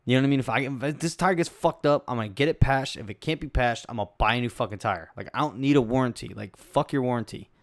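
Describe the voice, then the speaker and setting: Fast and with few pauses, a young man's mid-range voice comes through with studio quality and no echo. He hosts a casual solo podcast, meandering through stories in a relaxed, profane style.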